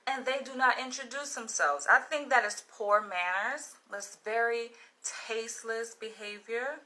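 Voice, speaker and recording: Woman vlogger, from Florida, blunt and salty, casual storytelling, a bit high, bright and forceful. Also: low-quality recording. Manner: blunt, profane and animated.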